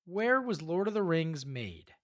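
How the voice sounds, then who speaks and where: A woman hosts a casual podcast, quizzing her friends and cheering them on. Her voice sits a little low but swings widely in pitch. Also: very animated, a little slow. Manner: upbeat, encouraging quizmaster. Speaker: podcast host running a quiz.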